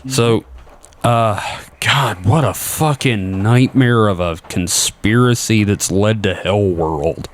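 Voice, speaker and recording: A man co-hosting a podcast in casual chat, joking and swearing freely with quick interjections. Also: on the low side. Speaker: podcast co-host.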